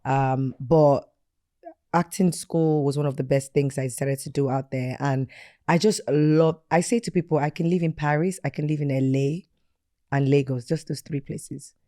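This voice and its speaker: A woman in her thirties, a guest in a casual chat, telling stories in an animated, emphatic way. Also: low voice, normal speed, no echo, studio quality. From Nigeria.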